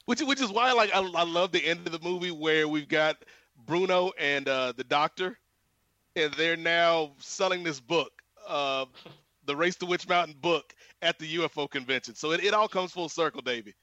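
A man's voice: on the high side, normal speed, pushed and bright, no room sound, dull audio. A man hosting a casual movie-review podcast, upbeat as he runs the rating segment. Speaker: podcast host.

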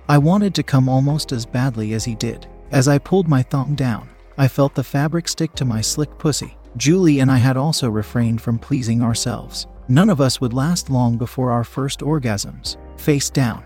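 Casting: male storyteller, mid-range pitch, steady measured reading, faint music behind. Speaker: narrator. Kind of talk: reading an erotic story aloud.

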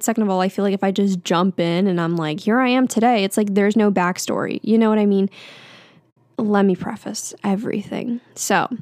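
A woman's voice: medium pitch, a little mellow, no room sound. Young woman podcaster rambling casually, lots of um and like, dry close sound. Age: young adult. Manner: chatty and candid, with frequent fillers and laughs. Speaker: podcast host. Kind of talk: casual solo podcast chat.

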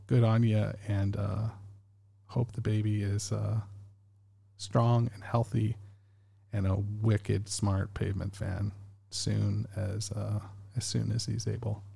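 Gravelly, dark-voiced man hosting a podcast. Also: lowish voice. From Canada. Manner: rambling, many fillers and restarts. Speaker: podcast host. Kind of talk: casual podcast monologue.

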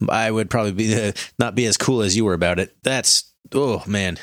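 A young adult man co-hosting a podcast in casual chat, relaxed and joking, often laughing. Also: lowish voice, a little fast, no room sound, studio quality. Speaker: podcast co-host.

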